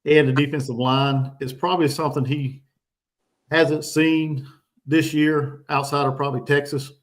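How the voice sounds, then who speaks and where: Halting man hosting football talk. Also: on the high side, little pitch movement. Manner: hesitant, restarts a lot, full of ums. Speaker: host. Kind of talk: casual sports chat.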